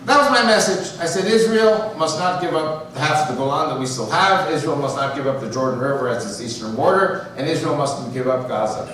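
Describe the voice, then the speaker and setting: A guest speaker from the United States with a New York accent tells stories in a church sanctuary, his fairly high, slightly bright voice moving briskly with hardly any pauses. He's conversational, drops joking asides and quotes others in dialogue; the distant mic picks up roomy echo and slight background noise.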